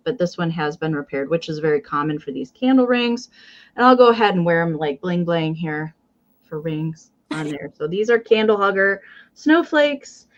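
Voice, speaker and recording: A woman's voice: medium pitch, lo-fi sound. A woman hosting a live-stream sale in a casual, chatty way, describing each item in detail with frequent ums and counting down bids.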